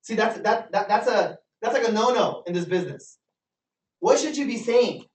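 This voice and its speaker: A man giving an energetic motivational training talk to a live group, often asking the audience questions and repeating himself for emphasis. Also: sits high, moderate pace. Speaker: business trainer. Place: meeting room with a live audience. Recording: echoey room from far off.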